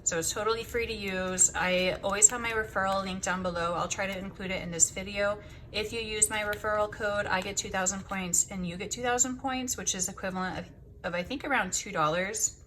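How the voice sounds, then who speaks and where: A young woman talks casually to her viewers, explaining her budget in a friendly, chatty way. Her voice is bright and she sounds a little out of breath. A faint noise sits under the recording. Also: mid-range voice, fairly even intonation, fairly quick. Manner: chatty, counts cash aloud softly. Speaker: budgeting channel host. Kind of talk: casual chat to camera.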